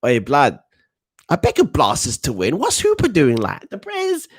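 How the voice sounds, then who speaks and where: A man's voice: on the high side, wildly swooping pitch, moderate pace, breathy edge, exaggerated voice. A man voicing a hot-headed teenage London street lad with a London accent, ranting in slang. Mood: exasperated.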